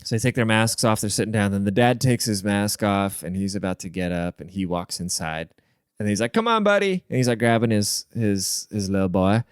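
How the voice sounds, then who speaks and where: A man's voice: on the low side, fairly even intonation, a little fast, smooth, no room sound, clean studio sound. A man hosting his own podcast, rambling through a crude, profane solo rant with jokey asides. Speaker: podcast host.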